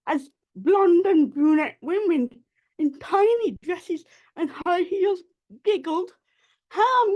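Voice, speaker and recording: A woman from the Black Country in England, reading her own poems in a measured, deliberate way over a video call. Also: extremely high pitch, darkish tone, lo-fi sound. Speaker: poet. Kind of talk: poetry reading.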